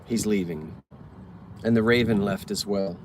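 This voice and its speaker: A man's voice: on the low side, measured pace. Give me a casual man reading bad jokes from his car seat, light background hum. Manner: chatty, self-mocking, stumbles over words. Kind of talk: casual chat from a parked car. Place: inside a car.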